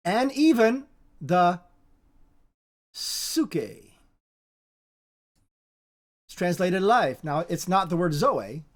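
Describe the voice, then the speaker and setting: A Bible teacher giving an informal spoken lesson, halting and repetitive, often restarting words and repeating points for emphasis. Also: medium pitch, big pitch swings.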